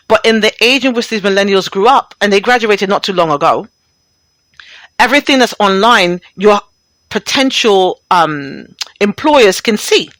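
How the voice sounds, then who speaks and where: A woman's voice: medium pitch, fairly bright tone, no room sound. A middle-aged woman hosting a talk radio show, chatting bluntly and profanely and laughing often as she reads and riffs.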